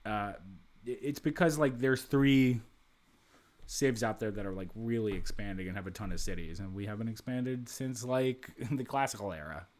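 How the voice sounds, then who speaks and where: A man's voice: lowish voice, normal speed, darkish tone. A man giving casual let's-play commentary while playing a strategy game, thinking aloud with frequent restarts and asides.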